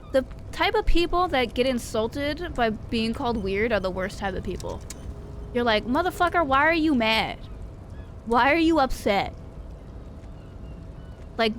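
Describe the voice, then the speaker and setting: A woman's voice: a little high, slight background noise. A woman streaming a game, reading chat and chatting casually in a rambling, profane, self-mocking way. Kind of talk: casual chat while gaming.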